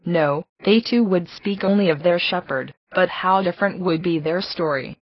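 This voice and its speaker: A woman reading a devotional address aloud in an earnest, pleading, steady manner. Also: lowish voice, normal speed, breathy edge, no echo. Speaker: reader of a devotional text. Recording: dull lo-fi dry recording.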